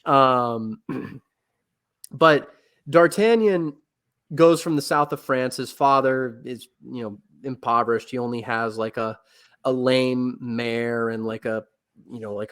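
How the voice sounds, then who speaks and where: A man's voice: mid-range voice, normal speed. A man speaking as a podcast guest in casual chat, lecturing with enthusiasm about history and a novel, often restarting his sentences and filling gaps with "like" and "you know". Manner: rambling, with frequent restarts and filler words.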